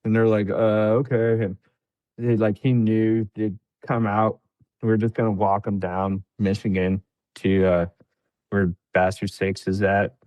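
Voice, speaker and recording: Speaking a little slowly, this man's audio is dull and carries no room sound. A veteran appearing as a podcast guest, he chats casually through a lengthy war story and animates it by voicing others' lines in a higher pitch.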